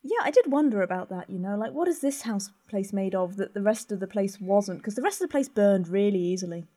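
A woman's voice: medium pitch, expressive, a little fast, dark tone. A woman playing a tabletop game, speaking in a dry, wry way. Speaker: player. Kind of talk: tabletop role-play.

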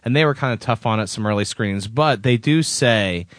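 A man co-hosting a casual podcast chat, excitable and often breaking into laughter. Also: fairly low pitch, a little fast, no echo. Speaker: podcast co-host.

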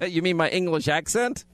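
A man hosting talk radio with a sarcastic, mocking edge and a slightly high voice. His delivery comes in short, punchy bursts, and the sound is close and dry. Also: a bit bright, no echo. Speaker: radio talk show host.

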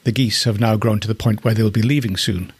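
A man's voice: on the low side, fairly even intonation, a little fast, slightly rough. A middle-aged man from northeast England who keeps alpacas, chatting casually and fondly about them as he thinks aloud. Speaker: alpaca keeper. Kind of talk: casual spoken commentary.

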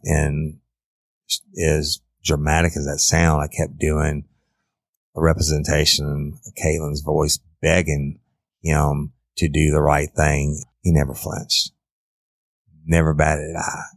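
Very deep, gravelly man. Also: monotone, a little slow, no echo. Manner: blunt and profane. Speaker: former detective. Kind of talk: casual true-crime storytelling.

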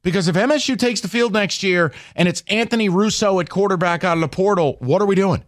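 A man hosting a sports radio show, arguing his case with sarcasm and animated emphasis. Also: high-pitched, fast talker, no echo, studio quality. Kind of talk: heated sports talk radio. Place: radio studio.

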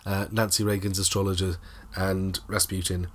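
A man's voice: sits low, moderate pace. A man co-hosting a comedy podcast, telling odd stories in a giggly, chatty way. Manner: giggly, lively storytelling. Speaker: co-host. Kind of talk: comedic casual chat.

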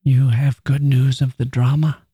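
A man's voice: mid-range voice, little pitch movement, a little slow, warm tone, husky, no echo, studio quality, pitched above the performer's own voice. A man voicing a frail dying woman writer, speaking in an earnest, tender whisper. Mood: pleading.

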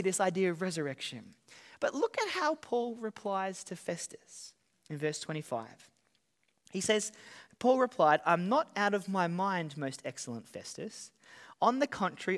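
A man's voice: high voice, big pitch swings, moderate pace. Guy pastor giving a sermon, earnest, explains stuff, punches the big points. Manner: earnest, explanatory, with emphatic rises.

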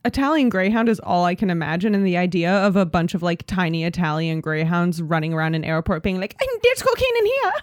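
A woman's voice: on the low side, steady tone, quick pace, hardly any pauses, no room sound, studio quality. A woman co-hosting a podcast, chatting playfully, swearing and joking. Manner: playful, swears, jokey asides. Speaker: podcast co-host. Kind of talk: casual chat.

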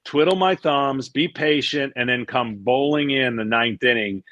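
A man in his fifties, a guest on an interview podcast, telling a long story in a casual, animated way and acting out what others said. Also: medium pitch, a little slow, no room sound, muffled recording. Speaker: interview guest, former pitcher.

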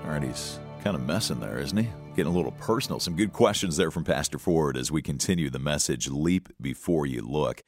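A man hosting a radio program, reading announcements between parts of a sermon in a smooth, even delivery. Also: rumbling low, a little fast, few pauses, soft background music.

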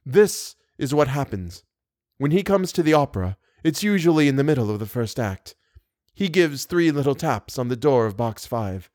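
A man voicing a haughty, excitable older woman who keeps a theatre box. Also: mid-range voice, normal speed, no echo, studio quality, lightly acted. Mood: confiding. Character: indignant gossipy older woman box-keeper.

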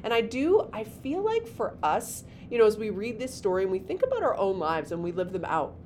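A woman co-host reading a Bible passage aloud and retelling it in a lively, dramatic way. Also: medium pitch, a little fast, a little hiss or hum.

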